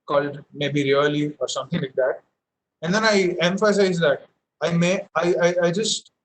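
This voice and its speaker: A man's voice: on the high side, a little hiss or hum, low-quality recording. A young man from India teaching a public speaking session over a headset, explaining with frequent fillers and restarts. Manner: explanatory, many fillers and restarts, demonstrates emphasis. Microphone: headphones with mic.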